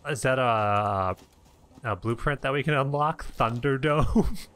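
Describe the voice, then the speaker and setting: A man's voice: mid-range voice, measured pace, very noisy. A man playing in a multiplayer game session, chatting casually in a laid-back, easily amused way. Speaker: co-player.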